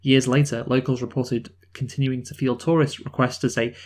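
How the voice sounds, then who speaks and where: A man from the North of England co-hosting a film review podcast, talking enthusiastically and rambling with halting restarts. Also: mid-range voice, level tone, darkish tone. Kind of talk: casual film discussion.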